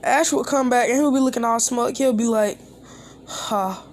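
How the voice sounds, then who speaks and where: Woman, fairly high voice, telling an improvised fan story off the cuff, rambling with restarts. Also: steady tone, a little fast, darkish tone. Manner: rambling, with restarts and quoted dialogue.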